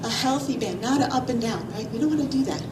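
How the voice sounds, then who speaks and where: High-voiced, breathless woman trainer in a hall. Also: expressive, fast. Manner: upbeat, coaxing, asks lots of questions. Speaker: physical trainer. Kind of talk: health talk to kids and families. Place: large hall with an audience. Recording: roomy echo, far from mic, loud crowd noise.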